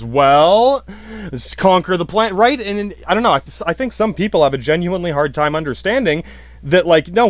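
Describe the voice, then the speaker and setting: A man's voice: fairly high pitch, no room sound. Rambling, profane podcast host man. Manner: rambling, with frequent restarts and casual swearing. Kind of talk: casual spoken commentary.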